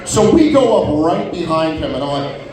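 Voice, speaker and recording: A man's voice: a little high, big pitch swings, moderate pace, crowd noise. Profane stand-up man in a roomy venue. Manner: profane storytelling with many acted-out quotes. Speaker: stand-up comedian. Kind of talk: stand-up comedy set. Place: live comedy venue. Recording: roomy venue sound from far off.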